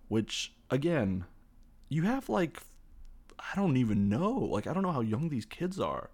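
A man's voice: on the low side, very animated, moderate pace. A man giving a casual, rambling, jokey recap of a film scene by scene, with lots of fillers. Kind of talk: casual movie recap commentary.

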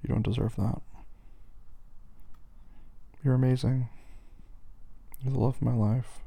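Very dark gravelly man, whispered role-play. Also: medium pitch, level tone, a little slow, no echo. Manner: soft, pleading and apologetic.

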